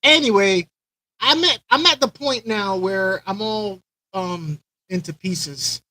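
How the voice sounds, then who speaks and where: A high-pitched man hosts a casual live stream from home, rambling and repeating lines as he greets viewers by name. His voice sits close and dry on the mic, with little room sound. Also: takes it slowly, sharp tone, no room sound, low-quality recording. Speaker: aquarium channel host.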